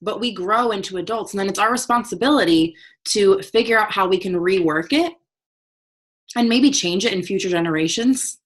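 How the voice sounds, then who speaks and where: A woman's voice: medium pitch, normal speed. A woman teaching about emotional intelligence in a conversational, motivational way. She keeps checking in with her listeners and talks frankly, with the odd swear word. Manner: frank, uses casual swearing.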